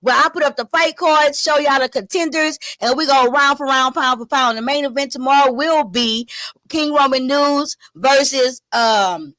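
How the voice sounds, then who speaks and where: A high-pitched woman, hosting a live stream in loose, animated chatter. She swears freely and retells online drama with dramatic flair. Her voice sounds close and dry, with little room around it. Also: moderate pace, dry recording. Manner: animated, profane, dramatic retelling with gasps and laughs. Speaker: YouTube commentary host. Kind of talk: casual live-stream commentary.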